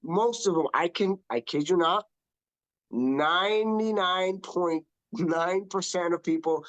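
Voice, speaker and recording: A man coaching on social media in a casual online talk, emphatic and animated, often repeating himself for effect. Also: high-pitched, takes it slowly, no echo. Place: online video call. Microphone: video call.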